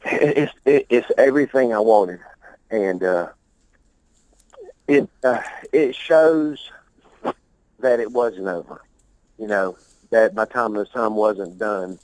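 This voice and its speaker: A man's voice: lowish voice, takes it slowly, long pauses, darkish tone, no echo, poor audio. A man being interviewed about his music, talking in a loose, rambling, profane way, often repeating himself and laughing. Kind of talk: casual interview talk.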